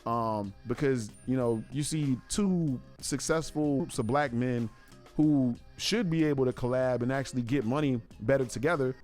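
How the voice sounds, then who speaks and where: A man's voice: medium pitch, darkish tone. A man giving earnest, reflective commentary on a podcast in casual slang.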